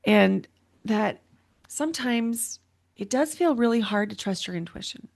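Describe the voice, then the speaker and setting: A woman's voice: mid-range voice, animated, measured pace, vocal fry, a little mellow, no echo. A middle-aged woman hosting her podcast, speaking in an earnest, emotional monologue and repeating herself for emphasis. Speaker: podcast host and intuitive coach. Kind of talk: personal reflective monologue.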